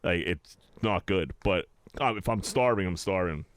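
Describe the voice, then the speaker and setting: A young man hosting a podcast, telling an animated, profane story in casual chat and acting out other people's lines. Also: low voice, moderate pace, no room sound, clean studio sound. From Pittsburgh area, USA. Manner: animated storyteller, swears a lot, acts out customers' lines. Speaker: podcast host.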